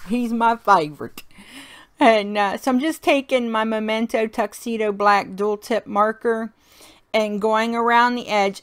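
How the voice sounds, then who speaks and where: Chatty woman narrating a crafting tutorial. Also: medium pitch. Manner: chatty and folksy, laughs often. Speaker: card-making tutorial host.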